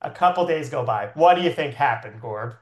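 A man's voice: mid-range voice, animated, a little fast, reverberant. A man improvising a comic story in a rambling way, full of fillers. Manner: rambling with frequent "like" fillers and laughs.

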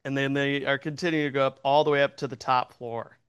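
A man's voice: mid-range voice, level tone, fast, fairly bright tone, clean tone. A man improvising a goofy story as a game host, laughing often and rambling with fillers. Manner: giggly, rambling, puts on silly voices.

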